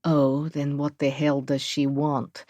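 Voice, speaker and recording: A woman's voice: sits low, monotone, slow, mellow, dry recording. A woman narrator voicing a haughty Eastern European woman with a throaty voice and broken English. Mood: mocking. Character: woman tenant sex worker, haughty and mocking.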